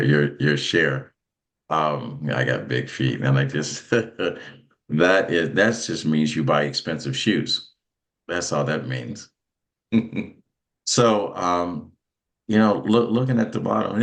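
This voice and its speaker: A man with an extremely deep voice hosts a conversation podcast. He talks in a halting, searching way, restarting phrases and filling gaps with "um". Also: lively intonation, creaky, a bit bright. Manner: halting, many restarts and fillers. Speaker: podcast host. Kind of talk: casual talk show hosting.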